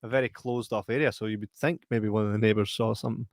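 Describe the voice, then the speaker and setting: A Scottish man co-hosting a film podcast, chatty and quick to laugh as he asks his partner questions. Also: on the low side, steady tone, no room sound, clean studio sound. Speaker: podcast co-host. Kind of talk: casual film review chat.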